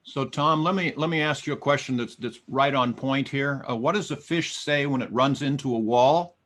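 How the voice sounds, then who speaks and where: A man's voice: medium pitch, normal speed, fairly bright tone. A man hosting an interview, talking in a jokey, conversational way. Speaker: host. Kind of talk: interview talk.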